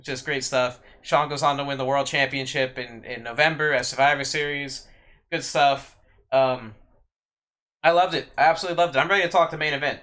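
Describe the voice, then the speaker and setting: A man's voice: medium pitch, fairly even intonation, brisk, a bit bright. A man co-hosting a podcast, giving blunt opinions in a laid-back casual chat. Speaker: podcast co-host.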